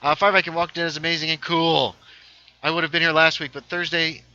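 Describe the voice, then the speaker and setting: A man's voice: a little high, flat delivery, fast talker, bright, forceful tone, muffled recording. A man hosting a casual game livestream, joking and reading chat aloud. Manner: jokey, chatty, reads chat aloud. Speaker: livestream host. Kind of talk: casual gaming stream chat.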